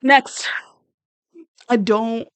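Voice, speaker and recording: A woman's voice: fairly high pitch, steady tone, extremely slow, clear, resonant tone, dry recording. Woman ranting casually about a show, blunt and sassy, dry close sound. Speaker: reality show commentator. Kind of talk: casual reaction commentary.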